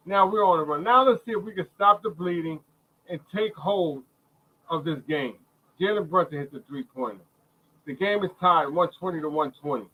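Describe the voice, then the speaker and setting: A middle-aged New man gives live fan commentary on a game. His voice sits a little high and sounds tense. He is worked up and emotional, and he repeats points while talking straight to his audience. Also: bright, forceful tone, rough recording. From Brooklyn, New York City. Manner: heated, emotional, repeats himself, talks straight to viewers. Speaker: fan watch-along host.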